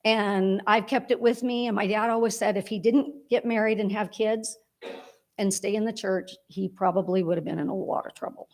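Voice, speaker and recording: A woman's voice: mid-range voice, steady tone, moderate pace. A woman giving a heartfelt, rambling eulogy for her father at a church memorial service.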